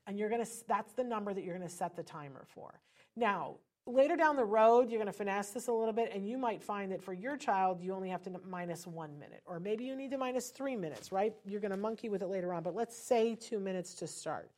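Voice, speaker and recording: A woman coaching parents in a chatty, animated teaching talk, now and then breaking into cheerful singsong cheers. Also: mid-range voice, fast talker. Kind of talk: instructional talk.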